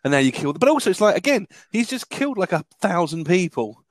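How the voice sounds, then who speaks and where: Man, slightly high voice, animated rambling chat, dry close sound. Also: fast talker, no room sound. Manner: animated, rambling, laughs often. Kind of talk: casual film review chat.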